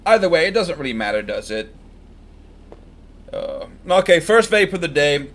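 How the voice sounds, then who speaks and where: A man with a slightly high voice talks over a live football match for his stream. He chats, jokes and rattles off gloomy predictions for his own team. The delivery is loose and conversational, like a fan on the sofa. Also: sing-song, normal speed. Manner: chatty, joking, fan-biased predictions. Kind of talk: casual live match commentary.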